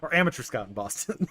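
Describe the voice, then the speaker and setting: A young man streaming a baseball management game, chatting casually with his viewers, excitable and stumbling over restarts. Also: sits high. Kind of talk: casual gameplay commentary talking to chat. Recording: dry close mic with faint game music.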